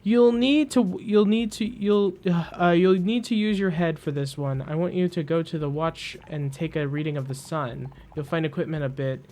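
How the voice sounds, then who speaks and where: A man voicing a jittery, nervous young mechanist who stammers and rushes his words. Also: a little high, darkish tone, close to an everyday voice. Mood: nervous, eager. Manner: stammering, rushed, over-eager.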